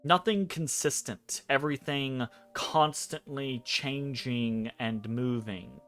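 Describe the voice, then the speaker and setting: A man narrating a tabletop game as game master. He speaks in a slow, dreamy way with frequent "um" pauses, over an online voice chat. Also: mid-range voice, fairly bright tone, soft background music.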